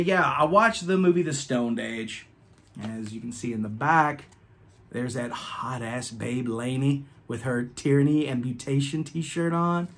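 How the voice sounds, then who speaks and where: A man in his thirties reviewing albums, telling a rambling, profane story in a casual vlog. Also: medium pitch.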